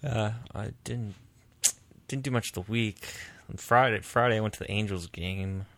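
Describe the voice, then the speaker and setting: Man, casual chat, easygoing, bright edge, gravelly, dry. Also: on the low side, moderate pace, no room sound. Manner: easygoing, short replies.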